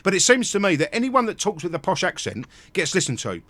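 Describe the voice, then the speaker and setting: A man hosting a live stream, ranting angrily with heavy swearing and bursts of shouting. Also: high-pitched, very animated, brisk, dry recording. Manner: angry, profane, shouting in bursts. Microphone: close mic at home.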